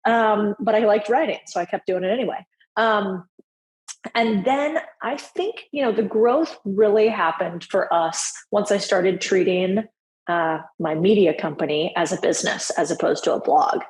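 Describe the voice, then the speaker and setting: A woman's voice: medium pitch, moderate pace, a little mellow, echoey room, poor audio. A woman guest speaking candidly in a casual interview, laughing easily. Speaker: podcast guest.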